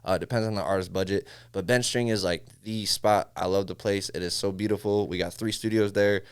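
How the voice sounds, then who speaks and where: A male music engineer from Syracuse, in upstate New York, chats casually as a podcast guest, animatedly acting out studio conversations and saying "bro" a lot. His voice sits low and sounds clean, and he talks fairly quickly.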